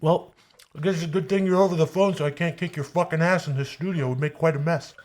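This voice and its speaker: A man's voice: a little high, noisy background, close to an everyday voice. A man doing a mumbling boorish action star. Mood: deadpan. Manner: slow, mumbling, deadpan and boorish. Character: crude, oblivious middle-aged male martial-arts action star. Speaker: interviewer. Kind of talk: improvised comedy impression.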